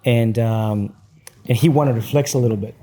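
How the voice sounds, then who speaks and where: A man's voice: medium pitch, moderate pace, mellow, a little hiss or hum. A man in his thirties, a guest on a podcast, talking earnestly and reflectively about raising his kids. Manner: earnest, reflective, with fillers and restarts. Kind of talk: casual interview chat.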